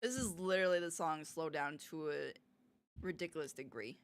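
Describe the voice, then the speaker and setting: A woman streaming live, reacting to videos in an excitable, giggly way with frequent exclamations. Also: low-pitched, normal speed, a little hiss or hum.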